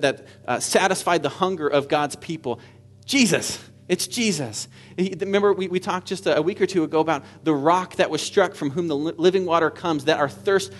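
A man preaching a sermon in an earnest manner, rising at times to fervent exclamation. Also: fairly high pitch. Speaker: pastor.

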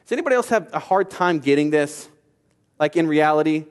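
A man preaches a sermon in a voice pitched a little high. He moves from emphatic, repeated declarations to hushed storytelling. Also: lively intonation, fairly quick, in a large hall. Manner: emphatic, swings from loud declarations to soft storytelling. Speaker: pastor.

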